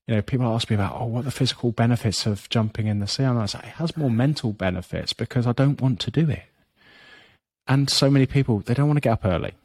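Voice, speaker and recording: A man's voice: medium pitch, a little mellow. A man with a blunt, profane way of talking, a fitness business coach speaking as a podcast guest. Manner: blunt and profane, frequent you-knows. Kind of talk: podcast interview, motivational talk.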